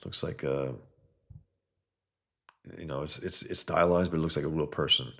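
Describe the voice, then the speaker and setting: A man's voice: very deep voice, steady tone, normal speed, gravelly, sharp tone. A man hosting a casual livestream, talking enthusiastically about comic art and reading chat messages aloud, with blunt profane asides.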